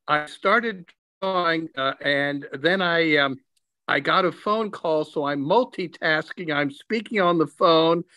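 A man speaking slowly on a video call, hesitant and halting. His voice is a little high for a man. The sound is dry and close, with no room echo. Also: sharp tone. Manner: hesitant, many ums. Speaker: workshop participant. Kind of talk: casual show-and-tell.

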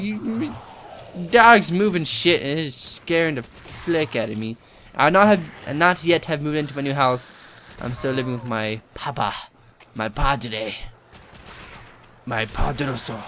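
Young man, live gameplay commentary, excitable, swears a lot, jumpy pitch, light background hiss. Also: normal speed. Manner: excitable, rambling, swears and yelps often.

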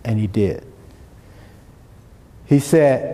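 A middle-aged man recounts a story to an audience and plays out the conversations as he goes. His voice is mellow and sits a little high. The sound rings with long reverb from a large hall. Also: a little slow. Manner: animated storyteller, acts out dialogue. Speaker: speaker. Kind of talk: storytelling talk.

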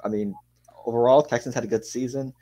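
A young man co-hosts a sports podcast in a laid-back way. He keeps things easygoing and fills his pauses with "hey" and "um". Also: medium pitch, steady tone, dark tone, a little hiss or hum, poor audio. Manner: easygoing, drops "hey" and "um" often. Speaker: podcast co-host. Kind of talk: casual sports chat.

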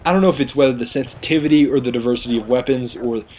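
A man's voice: medium pitch, very fast, a little mellow, a little hiss or hum. A man giving a chatty, rambling voice-over commentary on a video game, often mocking himself. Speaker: gaming commentator.

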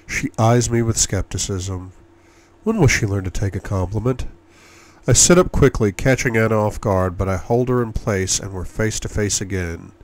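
A man narrating an audiobook in the first person, with an intimate and measured reading. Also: lowish voice, expressive. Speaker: audiobook reader.

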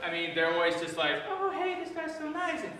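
A man in an improv comedy scene playing a brash, hot-headed male bad cop who blusters and shouts threats. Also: very high voice, big pitch swings, a little fast, full character voice. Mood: bragging. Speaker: improv performer. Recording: echoey room from far off, noisy.

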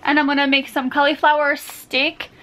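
A woman chatting casually to her camera at home, giggly and relaxed. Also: sits high, moderate pace. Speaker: vlogger.

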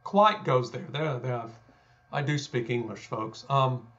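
A man's voice: medium pitch, slow pace, fairly bright tone, lo-fi sound. A man from Texas with a Texan accent, talking through ideas in a thoughtful, self-deprecating way with many fillers and restarts. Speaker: guest scholar. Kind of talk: conversational explanation.

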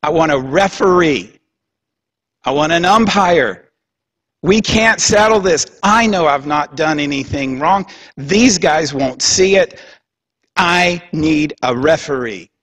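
A man's voice: high-pitched, unhurried, breathy edge, pitched above the performer's own voice. A lecturer acting out an anguished, innocent man who insists, pleading, that he did nothing wrong.

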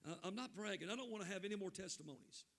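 A man preaching a Pentecostal sermon in church, impassioned and shouting. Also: sits high, lively intonation, very fast, vocal fry. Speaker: pastor.

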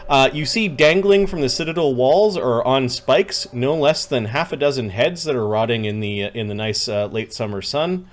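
A man narrating a tabletop game as game master, rambling with many fillers and restarts. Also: mid-range voice.

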